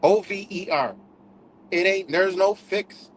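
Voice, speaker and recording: A man's voice: high-pitched, takes it slowly, a little hiss or hum, poor audio. A man hosting a livestream in a casual, profane rant, repeating himself for emphasis. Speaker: livestream host.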